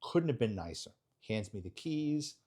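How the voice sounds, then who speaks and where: Middle-aged New man, ex-detective guest spinning a case story, blunt and lively. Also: mid-range voice, normal speed, breathy edge. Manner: animated, blunt street-wise storyteller. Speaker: retired police detective, guest. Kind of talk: storytelling in a podcast interview.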